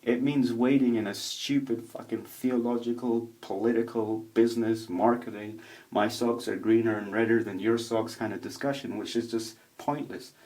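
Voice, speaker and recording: A man in a casual, rambling video monologue, swearing a lot as he tells stories in an animated way. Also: mid-range voice, moderate pace. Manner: profane, rambling, animated storytelling. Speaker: vlogger. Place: home room with a roommate nearby.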